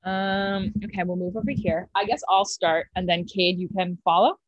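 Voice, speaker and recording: A woman's voice: lowish voice, normal speed, no echo, lo-fi sound. A nineteen-year-old woman hosting a comedy club video call and doing a self-mocking stand-up bit over her laptop mic. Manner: chatty, self-mocking, exaggerated deadpan bragging. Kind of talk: casual chat and stand-up set.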